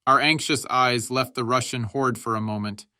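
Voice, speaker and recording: Male narrator, bright and forceful tone, dry close-mic sound, dramatic audiobook reading. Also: steady tone, normal speed, no room sound. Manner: shouts quoted soldiers' lines with raised pitch.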